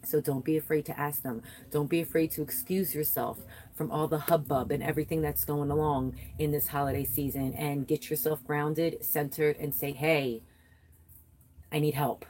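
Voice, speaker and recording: A woman hosting a spiritual reading, guiding a soft meditation and then chatting warmly to viewers. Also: low-pitched, steady tone, slight background noise, rough recording. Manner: soothing and slow, repeating affirmations; chatty and encouraging, greeting viewers by name. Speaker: spiritual reader and host. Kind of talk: guided meditation and tarot reading on a livestream.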